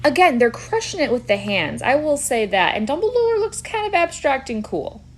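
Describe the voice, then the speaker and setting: A woman's voice: sits high, big pitch swings, normal speed. A young woman giving comedic reaction commentary, wry and playful, full of sarcastic asides. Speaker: YouTuber.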